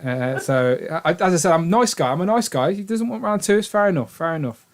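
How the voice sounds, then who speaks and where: A young man hosting a casual live stream, upbeat and animated as he reads out viewer comments. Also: fairly high pitch, brisk. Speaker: show host.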